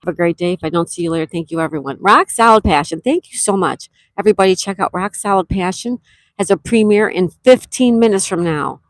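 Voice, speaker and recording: A woman's voice: fairly low pitch, expressive, a little fast, no echo. A woman hosting a casual livestream, greeting viewers by name and reading their comments aloud while she talks. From Western New York. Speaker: livestream host. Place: campsite cabin.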